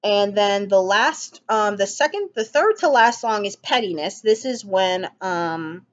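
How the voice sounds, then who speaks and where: A woman's voice: medium pitch, animated, unhurried. Rambling, enthusiastic woman reviewer, lo-fi. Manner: rambling, enthusiastic, frequent ums and restarts. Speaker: album reviewer. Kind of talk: casual spoken review.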